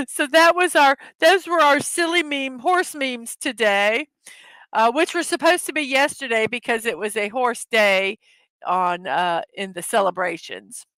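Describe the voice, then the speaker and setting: A woman with a slightly higher voice chats through her morning livestream in a loose, rambling way, backing up to fix her sentences. She breaks into giggles at the smallest joke. The sound is close and dry, with no room around it. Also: unhurried, a bit bright, dry recording. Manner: giggly, laughs easily at her own jokes; rambling, self-correcting. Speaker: livestream host. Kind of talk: casual morning chat.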